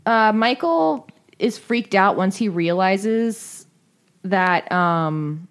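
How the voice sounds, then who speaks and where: A woman's voice: medium pitch, expressive, very slow, smooth. A woman co-hosting a podcast, casually recapping a cartoon with profanity and quoted voices. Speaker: podcast co-host.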